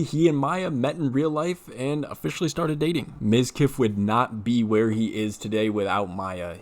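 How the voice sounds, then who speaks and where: A man with an ordinary mid-pitched voice narrates a scripted recap video. He delivers it in a steady, matter-of-fact way, moving from one point to the next.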